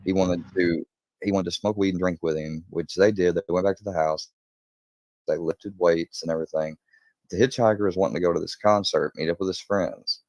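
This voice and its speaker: A true crime storyteller with a very low voice rambles through a casual storytelling rant, swearing freely and talking a little fast in a steady tone. When acting out what people said, he jumps up into a higher, louder voice. The sound is close and dry, with no room around it and no echo.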